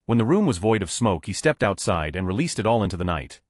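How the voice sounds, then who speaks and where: A man's voice: fairly low pitch, fast, dry recording, clean studio sound. A man narrating a string of reader-submitted jokes in a scripted, announced-by-number way. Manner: animated, reads numbered stories one after another.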